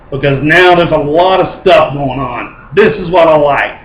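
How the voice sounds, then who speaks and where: A man giving an excited, rambling casual video review, often correcting himself as he talks. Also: a little high, normal speed, hardly any pauses, reverberant, a little hiss or hum, poor audio. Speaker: vlogger reviewing wrestling.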